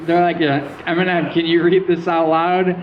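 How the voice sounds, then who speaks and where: A young man doing stand-up in a small live venue, his voice sitting a little high for a man. He tells his stories deadpan, slipping into quoted asides. The recording is muffled and lo-fi, with a faint hum of room noise behind him. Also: normal speed. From Michigan. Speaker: stand-up comedian. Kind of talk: stand-up set.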